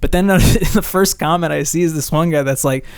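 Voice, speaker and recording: A young man hosting a casual podcast chat, telling a story in an animated way and swearing freely. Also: a little high, fairly quick, smooth, no room sound, clean studio sound. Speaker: podcast host.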